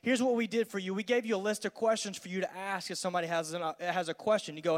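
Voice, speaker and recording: A man's voice: sits high, fast talker, hardly any pauses. Man preaching in a reverberant hall. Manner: energetic, conversational, acts out dialogues. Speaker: student pastor. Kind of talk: youth sermon teaching.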